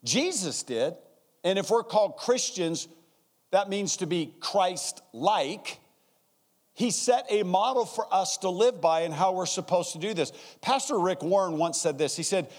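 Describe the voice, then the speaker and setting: A man's voice: high voice, measured pace. A man and guest pastor preaching a sermon in a church service, acting out his stories. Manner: animated storytelling, acting out scenes.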